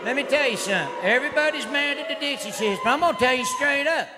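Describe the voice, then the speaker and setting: Male comedian, rowdy redneck act, high voice, live stage with noisy audience. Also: lively intonation, fast talker. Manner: rowdy redneck persona, drawling and shouting. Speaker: stand-up comedian. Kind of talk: stand-up routine. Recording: live hall recording with crowd noise. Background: audience laughter and noise.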